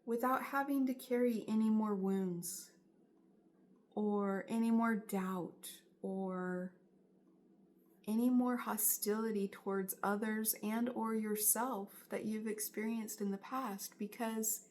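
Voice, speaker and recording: A woman reads tarot for her viewers in a somewhat high voice, taking her time over each phrase. She sounds earnest and encouraging, pressing her points with emphasis. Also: steady tone, takes it slowly, darkish tone. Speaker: tarot reader. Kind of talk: spiritual tarot reading monologue.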